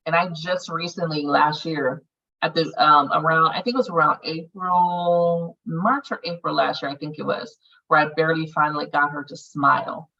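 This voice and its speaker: A woman with a low, bright and forceful voice guides a healing circle in casual, earthy talk with frequent swearing. She sounds distant from the mic, and the audio is dull and lo-fi. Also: fairly even intonation, moderate pace. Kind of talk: casual group guidance on meditation.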